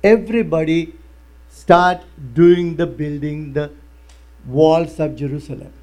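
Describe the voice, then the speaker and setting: A male pastor preaching a sermon in non-native English, telling stories with lively, broken phrasing. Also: a little high, measured pace. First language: not English. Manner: animated storytelling with broken grammar.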